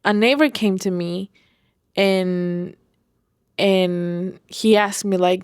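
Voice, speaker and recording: Slow-talking woman telling a personal story. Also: medium pitch, smooth, no echo, clean studio sound. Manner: rambling, full of fillers and self-corrections. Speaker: podcast host. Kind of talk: personal diary-style storytelling.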